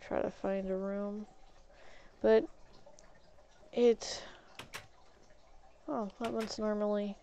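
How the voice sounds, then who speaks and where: A woman's voice: medium pitch, steady tone, slow, long pauses, dark tone. A woman streamer telling a story in a rambling way while she plays a game, swapping in "flip" for swear words. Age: adult, has an ex-husband. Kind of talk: casual storytelling while gaming.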